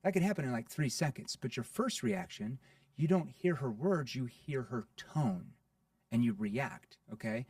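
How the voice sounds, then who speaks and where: A man guest on a podcast interview, explaining sales in an energetic teaching way, often asking rhetorical questions like "right?". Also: medium pitch, a little slow, no room sound, studio quality, distant mic.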